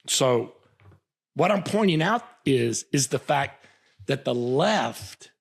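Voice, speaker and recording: Gravelly, husky man ranting. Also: medium pitch, lively intonation, takes it slowly. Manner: passionate, repetitive, stammering restarts. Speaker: podcast host. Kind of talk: political commentary monologue.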